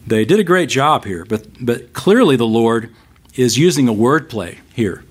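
Expressive male pastor preaching a sermon. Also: medium pitch, slightly rough. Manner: expressive, slows down for emphatic scripture reading.

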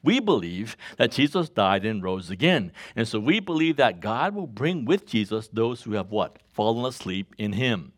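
At a normal pace with hardly any pauses, a male pastor reads scripture aloud and asks his congregation to complete his lines. He laughs softly often, his pitch lifting as he becomes animated.

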